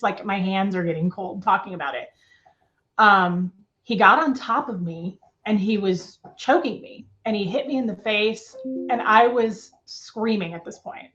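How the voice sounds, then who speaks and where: Woman giving a halting, emotional account. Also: mid-range voice, fairly bright tone, highs cut off. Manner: emotional, halting retelling with restarts and nervous laughs. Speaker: interview guest. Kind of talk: personal testimony in a remote interview. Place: at home.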